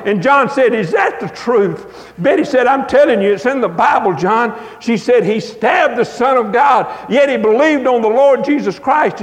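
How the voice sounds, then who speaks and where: High-voiced preacher in a reverberant hall. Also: male voice. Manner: folksy, emphatic, drawn-out preaching cadence. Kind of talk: revival sermon with storytelling. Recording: long reverb of a church hall.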